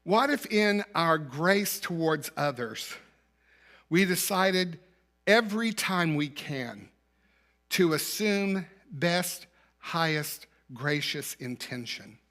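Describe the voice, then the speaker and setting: Bright-voiced man preaching a conversational sermon. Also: on the high side, expressive, slow pace. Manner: conversational storytelling, rhetorical questions, occasional laughs. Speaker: minister. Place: church sanctuary.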